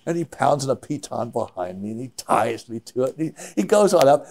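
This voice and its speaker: An older man, a mountaineer, telling stories from his climbs in an interview, animated and full of halting restarts. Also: mid-range voice. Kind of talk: reminiscing interview.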